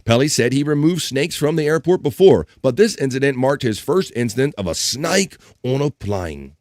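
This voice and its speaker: Animated jokey male stream host. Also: mid-range voice, normal speed, dry recording, clean studio sound. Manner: animated, jokey, reads chat aloud. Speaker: live-stream show host. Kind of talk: casual news read and chat.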